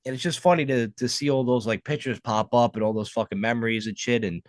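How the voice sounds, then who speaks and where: A man's voice: medium pitch, quick pace, no echo. A podcast co-host man chats loosely, rambling and swearing, with lots of "like" and "you know". His voice sits in a middle range for a man. The recording is close and dry, with no room sound. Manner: rambling, profane, filler-heavy reminiscing. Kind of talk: casual chat.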